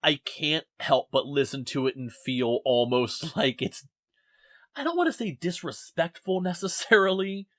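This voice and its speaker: A man's voice: on the high side, animated, unhurried, a bit bright, no room sound, clean studio sound. A young man hosting a casual podcast from his basement, rambling and self-deprecating as he talks. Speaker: podcast host. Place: home basement.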